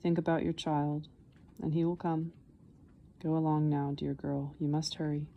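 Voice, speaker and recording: A woman reading a gentle wise old man. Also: low-pitched, creaky, muffled recording, a little hiss or hum. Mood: tender. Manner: calm, unhurried explaining.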